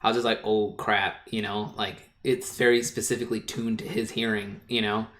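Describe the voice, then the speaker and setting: Excitable man rambling on a podcast. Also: fairly low pitch, moderate pace. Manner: excitable, rambling with many fillers. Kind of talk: casual chat.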